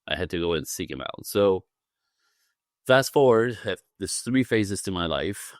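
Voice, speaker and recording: A man with a low voice tells a personal story as a podcast guest, acting out every quoted line and laughing along the way. He is a relationship coach, lively and expressive. The sound is dry and close, with no room around it. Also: dry recording. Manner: animated storyteller, acts out quotes with big pitch jumps, laughs often. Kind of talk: storytelling in a casual interview.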